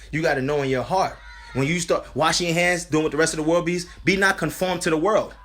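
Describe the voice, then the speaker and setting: A man's voice: on the high side, a bit bright. A man preaching fervently at home, full of restarts and repeatedly calling listeners brothers and sisters. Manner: fervent and repetitive, with many restarts. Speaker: lay preacher. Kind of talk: impassioned home sermon. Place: at home, indoors.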